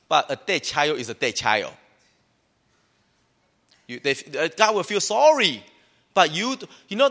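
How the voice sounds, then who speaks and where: A man preaching as a pastor, teaching a class and acting out complaining voices in an animated way. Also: a little high. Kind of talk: sermon.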